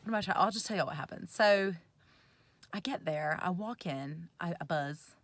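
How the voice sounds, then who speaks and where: A woman in her thirties vlogging from inside a parked car, telling a story in an animated, giggly, chatty way. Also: lowish voice, moderate pace, no echo. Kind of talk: casual storytelling to camera.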